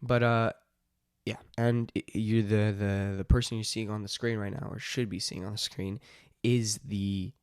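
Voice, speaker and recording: A man's voice: on the low side, flat delivery, moderate pace, darkish tone, smooth, no room sound, clean studio sound. A man chatting casually to camera as a vlogger and dungeon master. He rambles, with many fillers and restarts. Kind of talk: casual vlog chat.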